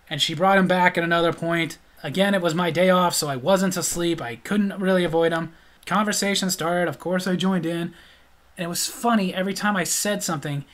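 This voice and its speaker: A man's voice: high-pitched, a bit bright. A middle-aged man telling stories in a casual vlog, blunt and sarcastic. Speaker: storyteller.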